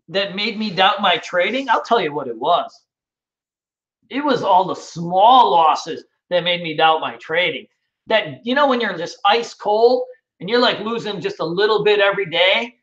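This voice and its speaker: A man's voice: high-pitched, pushed and bright, muffled recording. A man hosting a casual trading webinar, answering viewer questions in a loose, rambling way with many fillers.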